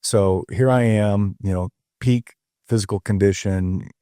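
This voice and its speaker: An older man talks in a deep, mellow voice. He tells stories earnestly and folksily, pausing on ums. The sound is dry and close. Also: fairly even intonation, clean tone, no echo. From Tennessee. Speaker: guest. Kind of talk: casual storytelling interview.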